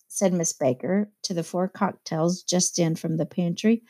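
A woman's voice: on the low side, a little slow, hardly any pauses, dark tone. Woman reading a novel aloud. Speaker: audiobook reader. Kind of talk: scripted narration.

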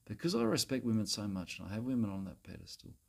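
Fast-talking and exaggerated, this man has a lowish, gravelly, darkish voice with a breathy edge and big pitch swings. As a comedy character he plays a crude, self-righteous Australian bloke ranting at women to camera, preachy, rambling and repetitive, saying "mate" and "bloody" all the time.

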